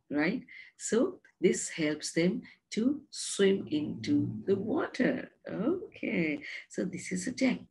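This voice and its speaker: A woman's voice: fairly low pitch, creaky, slightly rough. A woman teaching a science lesson to young children in a coaxing, sing-song way, often asking them questions. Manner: coaxing, gentle with the animals. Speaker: preschool teacher.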